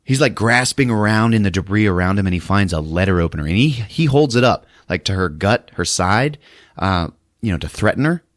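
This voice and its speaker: Animated man recapping a movie. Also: fairly low pitch, fairly quick, no echo, clean studio sound. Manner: laughs through retelling, acts out characters' lines. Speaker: podcast host.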